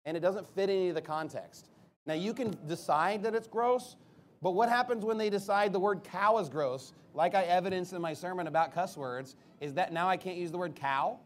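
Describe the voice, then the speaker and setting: Man, pastor, high voice, emphatic, defensive, rhetorical questions, loud outbursts. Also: fairly quick, a little hiss or hum. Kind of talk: preaching.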